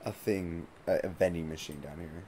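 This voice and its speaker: A man's voice: low voice, fairly even intonation, normal speed, dark tone, slight background noise. A man streaming a video game live, chatting casually and swearing freely as he plays. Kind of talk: casual live gameplay commentary.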